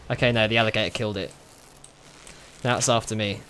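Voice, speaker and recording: A young man giving casual, excitable commentary while playing a video game, swearing and laughing often. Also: fairly low pitch, fast talker, smooth. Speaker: gaming video host.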